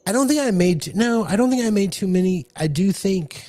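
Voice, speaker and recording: A man's voice: high voice, expressive, fairly quick, warm tone, no echo. Male podcast co-host, rambling game master, dry close mic. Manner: rambling, with many restarts and fillers. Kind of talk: casual chat.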